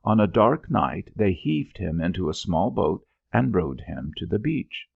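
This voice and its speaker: A male audiobook narrator with a very deep, gravelly voice that rises and falls in a lively way. He tells the story expressively, with a husky grain. The recording is dry and dull. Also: no echo. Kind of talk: scripted narration.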